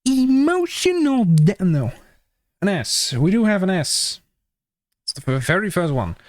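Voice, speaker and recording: A young man with a Dutch accent talks loosely to his stream chat, joking and cursing as he plays. His voice sits a little high for a man, and his delivery is casual and offhand. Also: expressive, moderate pace. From Netherlands. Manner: jokey, swears freely, chats with viewers.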